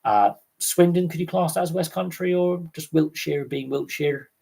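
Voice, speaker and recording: A man's voice: on the high side, moderate pace, vocal fry, mellow, slightly rough. A man hosting a casual livestream, rambling with fillers, his voice starting to go after hours of talking. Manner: rambling, many fillers and restarts. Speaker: livestream host.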